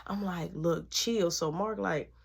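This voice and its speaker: A woman's voice: lowish voice, slow pace, gravelly, breathy edge. A young woman telling a story in a casual vlog, acting out each person in it.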